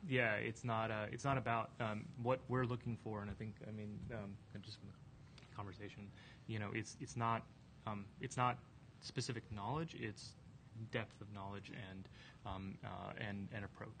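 A man's voice: lowish voice, fairly even intonation, fairly bright tone, a little hiss or hum. A man on a conference panel, a developer answering with many fillers and restarts. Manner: halting, heavy fillers.

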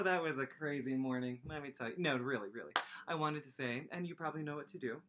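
A woman's voice: very deep voice, quick pace, fairly bright tone, slight background noise. A woman music teacher giving a playful online lesson to young children, teasing them and chanting rhythm syllables.

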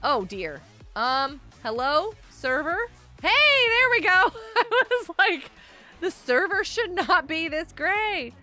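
Bubbly high-voiced woman streamer. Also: slow pace, soft background music. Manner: bubbly and excitable, often laughing and gasping; greets viewers by name as she plays. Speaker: game streamer. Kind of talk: live-stream gameplay chat.

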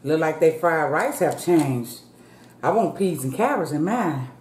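Low, slow-talking woman vlogger, echoey room. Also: expressive, darkish tone. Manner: chatty, folksy, keeps calling out to viewers. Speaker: mukbang vlogger. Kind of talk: casual eating-show chat. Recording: echoey room with faint background hum.

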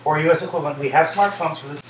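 A man's voice: a little high, very fast, fairly bright tone, reverberant, soft background music. An American man making dry jokes while cooking with friends in a home kitchen. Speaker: home cook among friends. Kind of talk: joking casual chat while cooking.

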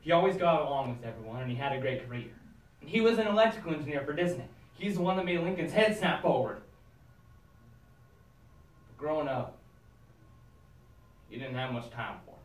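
Young man, dark dramatic monologue, hushed menace to loud shouts, competition performance, echoey room, distant mic. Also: fairly high pitch, animated, a little fast, long pauses.

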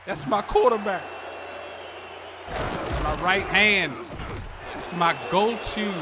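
A man casually commenting on a football video game as he plays, swinging between shouts of frustration and low mutters. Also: slow, background noise. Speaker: gaming YouTuber.

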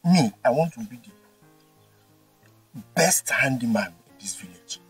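A man's voice: mid-range voice, expressive, a little slow, breathy edge. A young Nigerian man acting in a film drama as an earnest village son who pleads and repeats himself. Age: young adult. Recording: distant mic with faint music.

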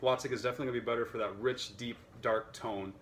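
Man, violin teacher, casual chat to camera, mid pitch, relaxed, filler-heavy, light background noise. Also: quick pace. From United States. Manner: relaxed, chatty, many fillers.

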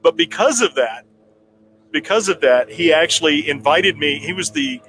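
A man with a somewhat high voice tells a long anecdote at a town hall meeting. He rambles, restarts his phrases and chuckles now and then, like casual storytelling. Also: expressive, normal speed, fairly bright tone, slight background noise. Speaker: political candidate telling a story.

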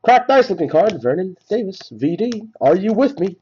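A man hosting a live card break, calling out each card and getting excited over big pulls. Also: high-pitched, normal speed, slightly rough, lo-fi sound. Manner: rattles off names, excited at big hits. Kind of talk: live card-opening commentary.

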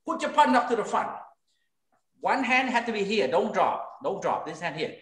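A man's voice: high-pitched, very animated, normal speed, fairly bright tone. A man teaching an online kids' kung fu class, giving short drill commands and counting reps aloud in a training studio. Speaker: martial arts instructor. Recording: very echoey room, voice far from mic.

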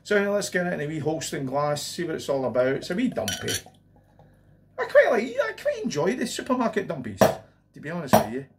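A man's voice: a little high, wildly swooping pitch, fast, a little hiss or hum. A man casually reviewing a cheap lager, rambling on with jokey asides and running gags. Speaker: beer reviewer. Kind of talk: casual beer review vlog.

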